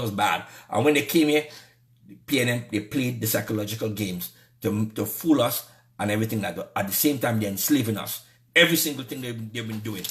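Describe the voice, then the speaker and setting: A man with a Trinidadian accent rants about politics, voice heated and indignant. He hammers his points by repeating himself, at an ordinary middle pitch. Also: fairly bright tone. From Trinidad and Tobago. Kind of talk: angry political rant.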